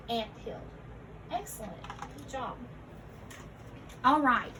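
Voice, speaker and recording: A young woman teacher leading a recorded phonics lesson for children, giving slow, clearly enunciated prompts and calling her listeners friends. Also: sits high, expressive, bright, forceful tone, slight background noise, poor audio. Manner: encouraging, addresses listeners as friends.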